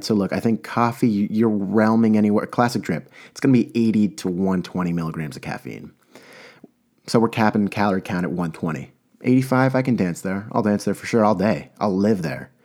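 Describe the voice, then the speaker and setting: A man's voice: sits low, darkish tone. A man hosting a podcast, talking through a casual, emphatic monologue with frequent restarts and rhetorical questions. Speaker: podcast host.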